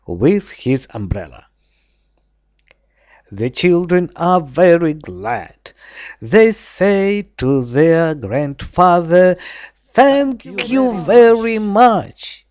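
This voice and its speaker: A woman narrating a children's storybook in a careful, clearly spaced reading. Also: fairly low pitch, sing-song, takes it slowly, darkish tone, dry recording. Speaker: audiobook narrator. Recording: slightly dull, dry studio read with faint music.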